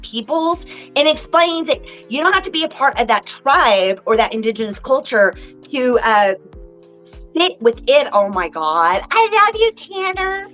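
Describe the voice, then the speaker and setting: A cheerful woman chats through a live card-reading stream, her voice high and bright. She is theatrical and laughs easily. Faint music plays behind her. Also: expressive, moderate pace, poor audio. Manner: bubbly, theatrical, laughs often. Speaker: live psychic card reader and co-host. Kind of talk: casual live-stream chat.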